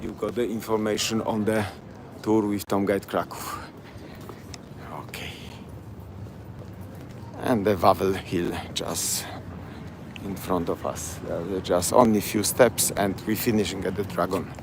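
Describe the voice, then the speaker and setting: A Polish-accented man talks his way down city streets as a tour guide, in halting, chatty English. His voice sits low, and traffic and street sounds hum clearly behind him. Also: steady tone. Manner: chatty, broken English, repeats place names. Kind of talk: live-streamed walking tour. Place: outdoors on city streets at night.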